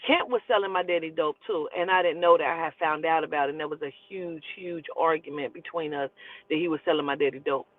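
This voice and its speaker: A woman's voice: deep voice, fast. A woman in her forties tells her own story bluntly and with a lot of swearing and emphasis. The sound is thin and phone-like, and there is no room echo at all. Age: 40s. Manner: blunt, profane, emphatic retelling. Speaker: storyteller host. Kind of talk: casual storytelling. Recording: tinny phone-like, dry sound.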